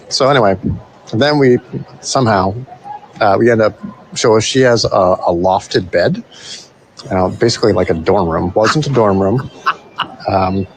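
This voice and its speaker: A man with a low voice tells a rambling story into a phone voice note, with faint noise hissing behind him. He talks casually, swears a lot and is from the United States. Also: a little slow, pauses often, poor audio. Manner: animated, swearing, mimics voices in quotes. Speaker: listener telling a story by voice note.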